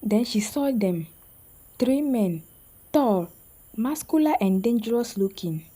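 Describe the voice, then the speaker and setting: A woman narrating a scripted story in a slow, suspenseful way with dramatic pauses. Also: a little high, animated, dark tone, rough recording.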